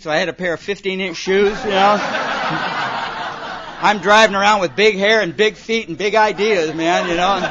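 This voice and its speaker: A middle-aged man speaking at a recovery meeting, telling comic stories in a loose, animated way with plenty of "you know" and "man.". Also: high voice, background noise. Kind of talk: storytelling talk to a live audience. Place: meeting hall with a laughing audience. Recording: dull lo-fi live recording with audience.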